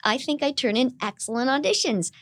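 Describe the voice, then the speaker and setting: A woman's voice: high voice, animated, brisk, no echo, clean studio sound. A middle-aged woman voice actor with a youthful, girlish-sounding voice, chatting animatedly as an interview guest. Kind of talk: casual interview chat.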